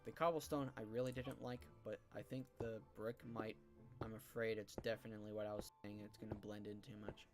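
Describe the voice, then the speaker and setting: A man's voice: lowish voice, level tone, a little fast, over music. Rambling man chatting on a game stream. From California. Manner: rambling, filler-heavy and thinking aloud. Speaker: streamer and host. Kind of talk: casual chat while gaming.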